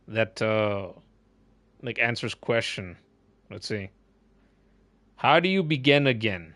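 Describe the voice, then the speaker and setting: A man's voice: fairly low pitch, lively intonation, takes it slowly, pauses often, fairly bright tone, no echo. Joking gamer man with a mock Aussie twang. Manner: jokey, tacks a mock Australian "mate" onto every line; stammery restarts. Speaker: game streamer. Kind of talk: casual live-stream commentary.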